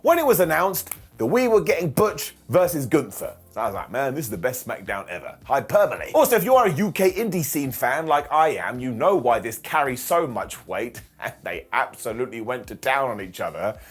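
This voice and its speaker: Jokey man with husky voice. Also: mid-range voice, sing-song. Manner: jokey, sarcastic, quick mock impressions. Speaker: wrestling show reviewer. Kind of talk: comedic recap monologue.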